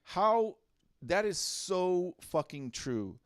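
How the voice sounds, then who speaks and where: A man's voice: sits high, big pitch swings, very slow, clean tone, no room sound, studio quality. A man co-hosting a casual comedy podcast, reading out listener posts in a laid-back way. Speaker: podcast co-host.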